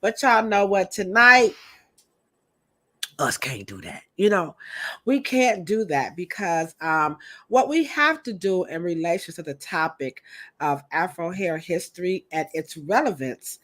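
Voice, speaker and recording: A woman co-hosting a hair podcast in a chatty, animated way, turning often to her co-host. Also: on the low side. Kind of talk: casual podcast chat.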